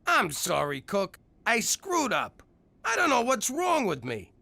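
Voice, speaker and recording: A man voicing a hapless cartoon lead in an animated comedy, whiny and self-pitying. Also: very high voice, unhurried, gravelly, slight background noise.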